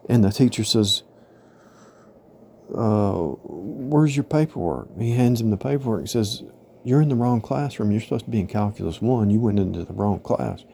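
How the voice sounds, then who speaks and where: Speaking at a moderate pace in a lowish, warm voice with vocal fry, a religious teacher rambles through an informal spiritual monologue full of parables and repetition. He keeps checking in with "right?" and "you know?", against slight background noise.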